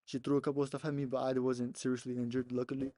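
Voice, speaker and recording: A man's voice: mid-range voice, level tone, racing, mellow, no echo, studio quality. A young man casually telling a rambling story on a podcast, laughing often and swearing between many "like" fillers. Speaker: podcast co-host.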